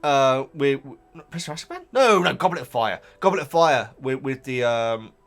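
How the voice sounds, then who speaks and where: A man hosting a casual reaction vlog, chatty and excitable, talking straight to his viewers. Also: mid-range voice, fairly quick. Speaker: channel host reacting to a book.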